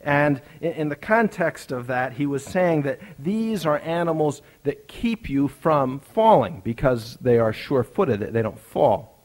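A man's voice: on the high side, expressive, a little slow. A male preacher telling a personal story in a conversational sermon, building up to emphatic, rising lines.

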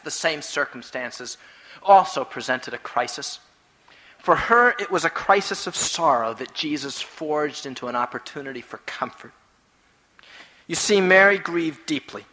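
A man preaching a sermon, rising to loud emphatic peaks and dropping to hushed, low phrases. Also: a little slow, in a large hall.

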